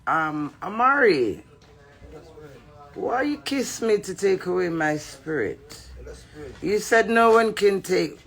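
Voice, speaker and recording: A woman with a Jamaican accent ranting at a rival to camera, brash, profane and mocking, breaking into sudden loud cries. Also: sits low, slight background noise. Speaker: entertainer addressing a rival. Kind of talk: rambling taunting rant to camera.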